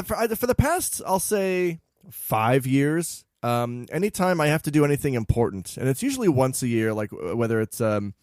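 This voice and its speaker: Brief: lively male podcast host, storytelling, big swings in pitch, dry close mic. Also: no room sound. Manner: animated storyteller, acting out quoted people; says he is loud and over-caffeinated. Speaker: podcast co-host and bar owner. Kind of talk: casual chat.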